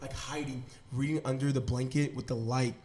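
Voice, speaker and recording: A man's voice: medium pitch, flat delivery, a little fast, mellow. A man hosting a podcast in casual chat, enthusiastic and rambling with slang. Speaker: podcast host.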